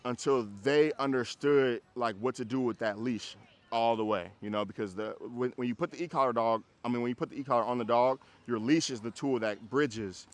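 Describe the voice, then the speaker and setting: Out on a walk, a dog trainer coaches casually in a mid-range voice. He's animated, acting out little scenes and often repeating himself.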